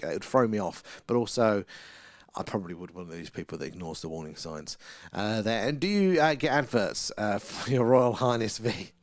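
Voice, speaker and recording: A British man hosting a casual night-time livestream outdoors, rambling with many fillers as he chats with viewers. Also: on the low side. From United Kingdom. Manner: rambling, lots of fillers and repeated "there". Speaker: livestream host reading viewer chat. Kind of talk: casual live-stream chat.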